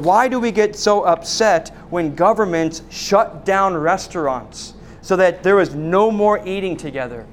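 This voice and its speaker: High-voiced pastor preaching with questions. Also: male voice, slight background noise. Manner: repeated rhetorical questions, frequent restarts. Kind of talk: sermon.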